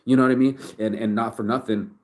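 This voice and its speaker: A man's voice: fairly low pitch, fairly even intonation, fast. A man in his forties giving a raw, emotional vlog monologue full of swearing and stumbling, repeated words. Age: 40s. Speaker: vlogger and shirt brand owner.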